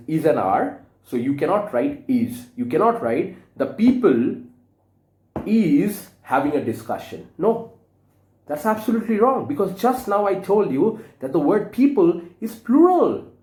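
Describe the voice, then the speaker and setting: Man teaching grammar to young children, lively. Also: a little high, echoey room. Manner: patient, repeats words and spells them out letter by letter; addresses the children fondly and asks them to repeat after him.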